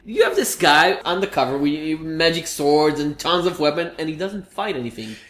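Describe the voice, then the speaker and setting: A man's voice: fairly high pitch, animated, normal speed, a bit bright. Wry man in an echoey room. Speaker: comics review podcast co-host. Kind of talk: casual chat.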